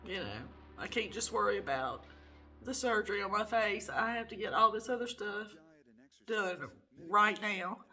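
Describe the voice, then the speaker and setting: A woman recording a personal video diary, upset and close to tears, speaking haltingly with many fillers. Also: mid-range voice, lively intonation, sharp tone. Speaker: vlogger.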